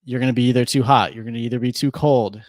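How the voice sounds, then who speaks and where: A man's voice: mid-range voice, fairly even intonation, racing. A young man from Minnesota talks casually as a podcast guest. His speech is easygoing and full of fillers and restarts. The sound is dry and close, with no room echo. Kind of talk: casual chat.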